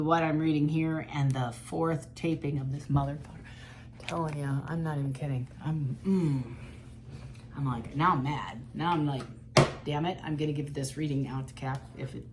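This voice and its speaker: A woman's voice: sits low, slight background noise. A woman giving a casual tarot reading to her viewers, chatty and blunt, with the odd swear word. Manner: chatty, blunt, mildly profane. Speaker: tarot reader.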